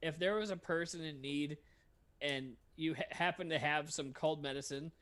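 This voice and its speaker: A man's voice: fairly high pitch, moderate pace, a bit bright. A man co-hosting a casual podcast over beers, telling rambling, self-deprecating stories. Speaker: podcast co-host.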